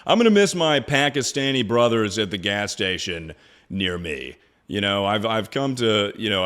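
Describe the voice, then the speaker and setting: A man's voice: fairly low pitch, a bit bright. A young man streaming live, chatting casually in a rambling, crude way and laughing often.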